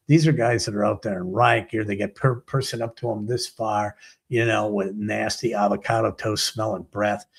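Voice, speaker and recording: Gravelly, sarcastic male talk host. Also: on the low side. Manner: sarcastic, rambling, exasperated. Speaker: sports talk show host. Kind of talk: ranting commentary.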